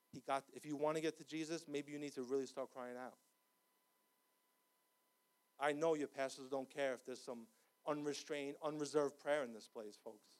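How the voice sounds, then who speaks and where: Impassioned high-voiced preacher man. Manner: impassioned, rising to shouts. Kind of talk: sermon. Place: church.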